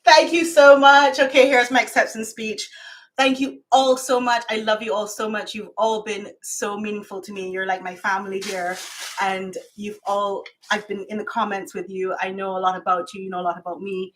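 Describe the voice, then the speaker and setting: A young Barbadian woman with a Barbadian accent hosts a casual live stream on YouTube from home, her camera set far off. Her medium-pitched voice has a level tone and normal speed, and she chats effusively, laughing often.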